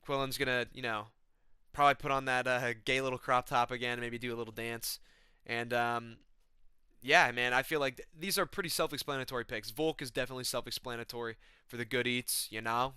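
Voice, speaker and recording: A man's voice: mid-range voice, fairly even intonation, fairly quick, sharp tone, clear, resonant tone, no echo, clean studio sound. A young man rambling in a laid-back, slangy comedic monologue as a vlogger.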